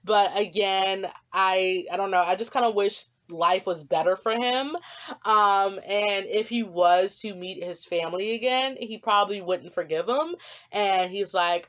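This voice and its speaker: A woman's voice: mid-range voice, measured pace. Rambling young woman, lo-fi vlog audio. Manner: rambling, many ums, gets emotional. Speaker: artist talking about her original character. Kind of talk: casual vlog talk. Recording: dull lo-fi audio with faint music.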